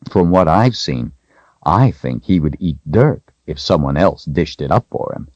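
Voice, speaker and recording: A wry, friendly young woman, voiced by a male narrator with a lightly raised, gentle tone. The recording sounds dull and lo-fi. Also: a bass voice, animated, a little slow, dry recording, heavily acted.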